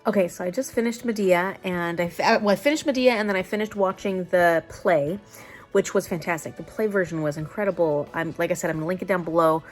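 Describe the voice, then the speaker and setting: A woman's voice: fairly low pitch, fast, faint music behind. A young adult woman chatting casually to camera as a book vlogger, tired, laughing often and retelling loosely with restarts. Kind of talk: casual vlog chat to camera.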